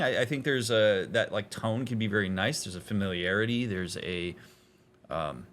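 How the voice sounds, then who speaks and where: Low-voiced man analyzing a game. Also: moderate pace, fairly bright tone, slight background noise. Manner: reflective, analytical, with casual fillers. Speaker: therapist playing a game. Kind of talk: let's-play commentary.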